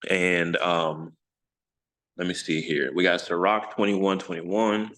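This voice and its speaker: Low-voiced man teaching casually. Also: flat delivery, slow, a bit bright. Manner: rambling, self-correcting, jokey. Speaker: scripture teacher. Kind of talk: casual online study lesson.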